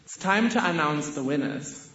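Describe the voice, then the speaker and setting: A woman, telling a personal story in a measured, deliberate way. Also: low voice, lively intonation, fairly bright tone, roomy sound, highs cut off. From South Africa. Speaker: speaker telling her life story.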